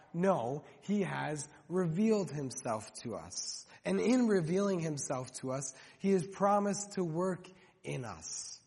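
High-voiced pastor preaching in a reverberant hall. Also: male voice, darkish tone, slightly rough. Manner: conversational preaching with frequent restarts and rhetorical questions. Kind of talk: sermon.

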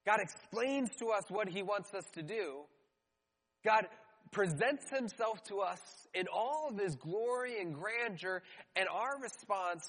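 A man preaching a sermon in a church hall, his voice set fairly high. He talks to the room conversationally and slips into mocking voices when he quotes. A long reverb trails each phrase. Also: expressive, measured pace, fairly bright tone. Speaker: pastor.

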